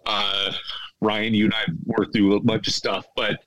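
A man speaking to his old teammates, tearful, halting and repeating himself as he pours out heartfelt thanks and apology. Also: on the low side, little pitch movement, over a noisy crowd, rough recording. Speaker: former teammate, guest. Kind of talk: emotional heartfelt confession.

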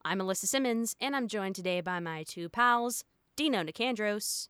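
A woman's voice: medium pitch, a bit bright, smooth, no room sound. A woman hosting a podcast, chatting casually and upbeat, laughing often, on a close mic. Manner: giggly, upbeat, quick to laugh. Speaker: podcast host.

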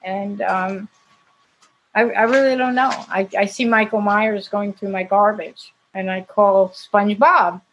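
A woman's voice: medium pitch, steady tone, a little slow, a bit bright, slight background noise, rough recording. A woman, an actress, casually telling anecdotes in an interview, chatty and laughing often. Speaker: actress guest.

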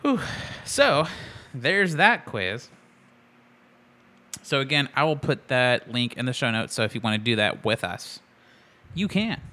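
A man's voice: mid-range voice, big pitch swings, a little slow, pushed and bright. A man co-hosting a podcast in casual chat, playful and laughing often. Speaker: podcast co-host.

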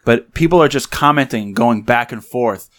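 Male co-host, mid-pitched voice, relaxed chatty delivery. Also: normal speed. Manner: relaxed, chatty, lots of fillers. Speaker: podcast co-host. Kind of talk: casual chat.

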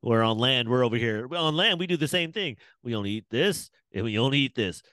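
A man's voice: mid-range voice, animated, brisk, sharp tone, no echo. A man co-hosting a podcast, trading jokes and profane banter in casual chat. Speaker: podcast co-host.

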